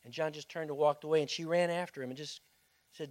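A man's voice: on the high side, steady tone, quick pace. Dramatic storytelling male pastor. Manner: dramatic storytelling, swinging from loud to hushed. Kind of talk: sermon.

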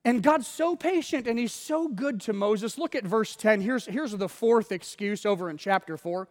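Speaking at a normal speed in a high-pitched voice, a man delivers a sermon as pastor, animating the story and acting out its quotes. A large hall's long reverb surrounds him.

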